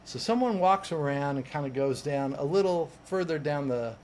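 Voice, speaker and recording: A man, a coach and podcast guest, telling a personal story in an animated way, acting out what people said and restarting words as he goes. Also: fairly high pitch, normal speed, slight background noise. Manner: lively, acts out quoted voices, restarts words.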